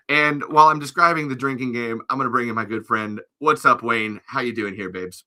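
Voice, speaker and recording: A man hosts a loose, joking podcast chat with a very bright, sharp-edged voice. He rambles from thought to thought, laughs often and keeps a middle pitch. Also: a little fast. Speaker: podcast host.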